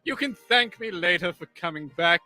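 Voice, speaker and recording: A pompous British radio lord, as a man puts him on, talking down to his listeners in a grand, high voice. The tone is bright and showy, with grandiose phrasing and a little music behind him. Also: animated, moderate pace, heavily acted. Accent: put-on British.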